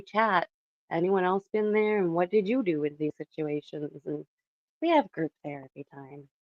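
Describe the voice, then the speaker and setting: A woman's voice: on the low side, no echo, lo-fi sound. A young woman from Canada chatting casually and animatedly with her livestream viewers from her bedroom, laughing often. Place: home bedroom.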